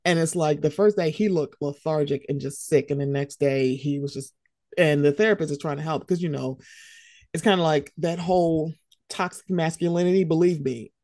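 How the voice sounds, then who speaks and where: A woman co-hosting a podcast in easygoing conversation. She talks with lively swings and acts out reactions with sudden jumps up in pitch. The sound is dry and close. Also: dry recording. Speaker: podcast co-host. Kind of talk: casual conversation.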